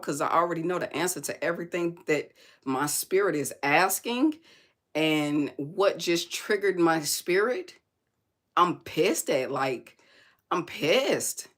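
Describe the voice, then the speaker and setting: Hoarse raspy voice, livestream host, emphatic, preachy, repeats lines, swears, mid-pitched. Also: expressive, measured pace, fairly bright tone. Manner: preachy, speaks of God and spirit. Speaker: live stream host. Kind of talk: casual live-stream venting.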